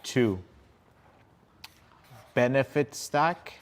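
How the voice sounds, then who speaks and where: Male co-host, slow-paced, walks through numbered steps calmly on a live stream. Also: medium pitch. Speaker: co-host, instructor.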